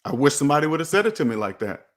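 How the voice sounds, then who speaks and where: A man in his forties delivers a fired-up money sermon straight to camera, circling back to the same points again and again. His voice sits a little high for a man, and he keeps calling himself by name as he scolds and urges. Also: big pitch swings, very fast. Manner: preachy, repeats himself, talks to himself by name. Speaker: personal finance video host. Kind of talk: motivational monologue to camera.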